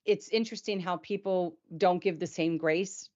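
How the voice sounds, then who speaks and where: A woman talking openly in a relaxed, reflective chat, her voice sitting a little low. She goes on at length and keeps checking in with her listener. The sound is dull and muffled, like an online call. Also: normal speed. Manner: reflective, talks at length with frequent "right?" and "you know". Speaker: co-host of a patient support show. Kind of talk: candid conversational chat.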